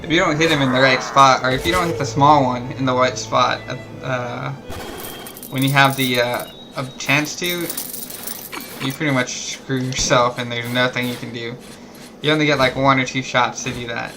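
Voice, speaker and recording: A man's voice: mid-range voice, steady tone, moderate pace, background noise. A man streaming a game, telling a long story in a rambling, casual way with many restarts. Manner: rambling, restarts often, quiet asides. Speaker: gamer streaming a playthrough. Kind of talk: casual storytelling while gaming. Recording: game music behind the voice.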